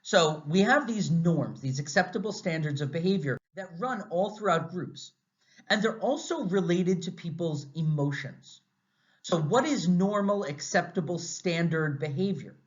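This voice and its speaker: An American man lecturing a class in a conversational, animated way, asking lots of rhetorical questions. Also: a little high, a little slow. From United States. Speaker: university lecturer. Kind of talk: recorded lecture. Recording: slightly dull, muffled audio.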